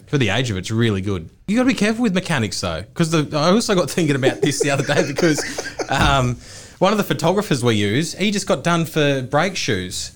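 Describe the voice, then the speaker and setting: Rambling bloke telling stories. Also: male voice, on the high side, big pitch swings, brisk. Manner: rambling, self-mocking storyteller. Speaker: real estate agent and podcast co-host. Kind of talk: casual podcast chat.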